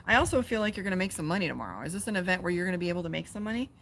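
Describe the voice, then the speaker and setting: A chatty Las Vegas tarot reader and psychic live-streams a casual reading outdoors by a pool, swearing freely and pausing to talk to her dog. Her voice sits on the low side, animated, racing and a bit bright. There is slight background noise.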